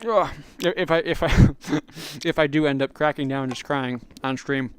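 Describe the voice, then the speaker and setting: A man's voice: on the high side, moderate pace, clean tone. A young man chatting casually on a livestream, rambling with lots of fillers while answering chat. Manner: rambling, filler-heavy, reads chat aloud. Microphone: clip-on magnetic microphone.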